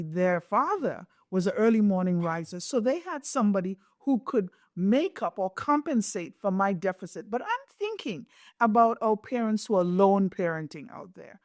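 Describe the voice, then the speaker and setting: A woman's voice: medium pitch, no room sound. Give me a middle-aged woman host, reflective and dry. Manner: reflective, explanatory, often checks in with "right?". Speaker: podcast host. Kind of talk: conversational podcast discussion.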